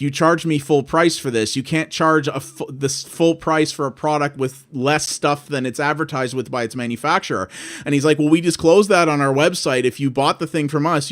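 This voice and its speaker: A man from Canada telling a long, exasperated story about bad customer service, quoting both sides of his calls and swearing freely. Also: on the high side. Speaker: video blogger. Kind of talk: ranting monologue.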